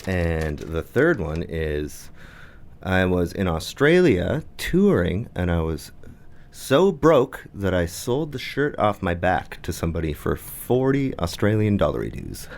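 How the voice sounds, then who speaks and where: A man's voice: deep voice, expressive, slow pace, slight background noise. A young man on a comedy podcast, a guest musician telling stories and laughing at himself. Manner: giggly, self-deprecating, trails into laughter. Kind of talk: casual comedy podcast chat.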